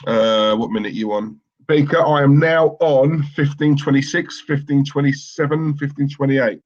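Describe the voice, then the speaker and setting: A man's voice: on the high side, steady tone, normal speed, muffled recording. A man co-hosting a live football watchalong stream, chatting casually and reading out viewer comments in a rambling, opinionated way with lots of fillers and restarts.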